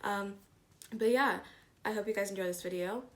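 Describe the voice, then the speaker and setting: Groggy from just getting up, this young woman chats her way through her morning makeup as a beauty vlogger in a relaxed get-ready-with-me video. She speaks at medium pitch and a normal speed, rambling in an easygoing, talkative way.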